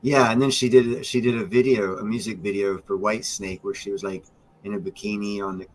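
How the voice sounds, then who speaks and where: A man's voice: fairly low pitch, fairly even intonation, fairly quick, rough recording. A man chatting casually with friends about old movies, joking and restarting his sentences. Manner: joking, enthusiastic, restarts often. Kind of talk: casual chat.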